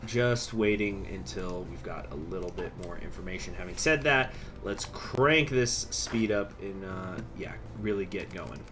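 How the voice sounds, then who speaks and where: A man's voice: low-pitched, a little slow, over music. A man hosting a strategy game let's-play, chatting casually and rambling through asides while reading event text aloud. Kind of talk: casual gameplay commentary.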